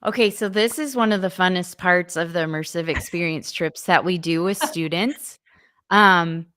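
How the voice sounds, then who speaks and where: A woman's voice: lowish voice, moderate pace, a bit bright, clean tone. A woman youth ministry leader answering interview questions, earnest and often restarting her sentences.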